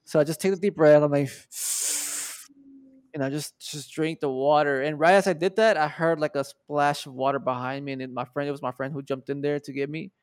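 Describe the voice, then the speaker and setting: Swearing freely and performing quoted lines, a man in his twenties from Mexico recounts a story as a podcast guest. He speaks a little fast in a clean, high-leaning voice, captured in a dry, studio-quality recording.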